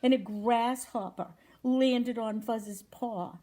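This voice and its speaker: Lively, husky woman reading a kids' story. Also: on the high side, takes it slowly. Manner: animated, asks the audience questions. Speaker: wildlife rescue presenter. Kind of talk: reading a children's story aloud to viewers.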